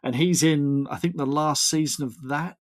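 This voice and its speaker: A man's voice: a little high, normal speed. A man, chatting as a podcast guest, enthusiastic and rambling with frequent restarts. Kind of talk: casual chat.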